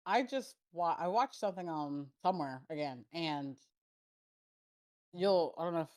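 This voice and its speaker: A woman co-hosting a podcast, chatting casually in a bubbly way, with quick asides. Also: lowish voice, a little mellow. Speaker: podcast co-host. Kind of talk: casual chat.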